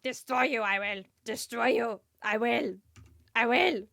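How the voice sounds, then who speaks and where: Woman doing a squeaky Yoda. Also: measured pace, creaky, a bit bright, no room sound. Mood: playful. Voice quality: squeaky, inverted word order. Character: squeaky little old alien sage, backwards speech.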